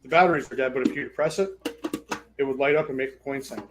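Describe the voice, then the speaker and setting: Guest, male, average pitch, eager rambling talker with fillers. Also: quick pace, background noise. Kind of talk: casual chat.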